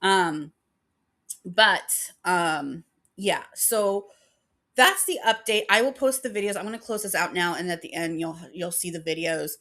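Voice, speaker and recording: Woman, vlog host, casual rambling chat, lots of fillers, bright clear tone, slightly low pitch. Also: a little slow. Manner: emotional about her dog. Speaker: paranormal channel host.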